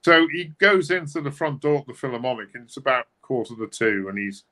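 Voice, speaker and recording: Bright-voiced male storyteller. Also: medium pitch, animated, fairly quick. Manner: chatty storyteller, full of fillers. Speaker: livestream co-host. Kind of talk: casual anecdote telling.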